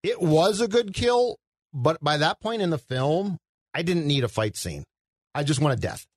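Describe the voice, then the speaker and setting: A man's voice: on the high side, animated, unhurried, dry recording, clean studio sound. A man co-hosting a casual movie podcast, nitpicking scenes with wry sarcasm and lots of "like". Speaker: podcast co-host. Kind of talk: casual movie review chat.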